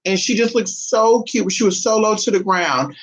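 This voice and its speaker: A man talking casually and gossipily to his viewers, calling them y'all and honey, swinging from soft asides to loud exclamations. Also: high voice, moderate pace, rough recording. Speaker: vlogger.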